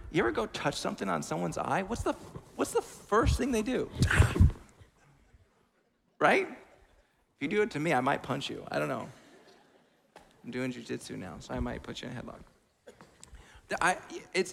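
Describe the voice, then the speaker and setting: Gravelly animated preacher in a reverberant hall. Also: male voice, fairly high pitch, a little hiss or hum. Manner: animated, conversational preaching with asides. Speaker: pastor. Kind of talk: sermon. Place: church hall. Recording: long church reverb.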